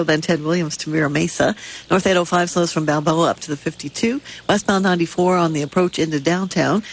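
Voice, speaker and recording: A woman giving a radio traffic report and ad in a brisk, clipped reading. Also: fairly low pitch.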